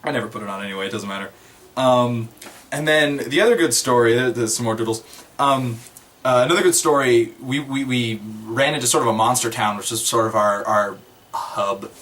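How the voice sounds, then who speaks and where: A man with a medium-pitched voice, talking a little fast, recounts a tabletop game session in a casual way. He rambles and chuckles through an animated retelling.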